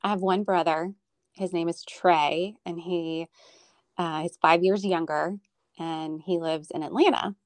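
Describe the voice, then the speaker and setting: A woman's voice: fairly low pitch, fairly even intonation, a little slow, dry recording. A woman from Florida chatting casually and telling stories about her family, with many restarts. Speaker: guest. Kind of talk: casual chat. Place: Northern Virginia.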